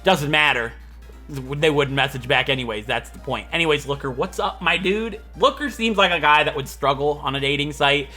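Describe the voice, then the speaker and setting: Man in his twenties, gameplay commentary, rambling, laughing, bright tone. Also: on the high side, normal speed, soft background music. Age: 20s. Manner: rambling, joking, laughs a lot. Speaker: let's play host.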